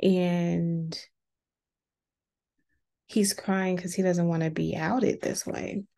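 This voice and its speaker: A woman's voice: on the low side, extremely slow, gravelly, slight background noise. A woman casually recapping a reality TV episode, chatty and acting out the quotes. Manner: chatty, acts out quotes in a lively voice.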